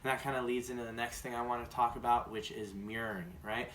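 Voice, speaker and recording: A man's voice: medium pitch, flat delivery, quick pace, a bit bright, a little hiss or hum. A man giving a casual sales training talk who keeps checking in with "right?". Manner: conversational, tags sentences with "right?". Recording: roomy echo, distant mic, faint ambience.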